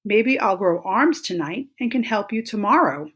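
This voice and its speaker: A woman's voice: medium pitch, animated, normal speed, a bit bright, breathy edge. A woman voicing a sly male rattlesnake in a storybook read-aloud who always promises to help tomorrow.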